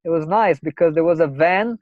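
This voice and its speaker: A man with a Brazilian accent hosting a video call interview, translating his guest between English and Portuguese in a lively, laughing way. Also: a little high, a little fast, no echo, phone-quality sound. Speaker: host and interpreter.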